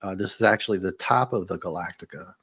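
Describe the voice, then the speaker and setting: Chatty man with a dry, low voice. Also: quick pace, gravelly, fairly bright tone, slightly rough, no room sound. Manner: chatty, laughing, stumbling restarts. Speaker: comics review host. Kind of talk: casual comic review chat.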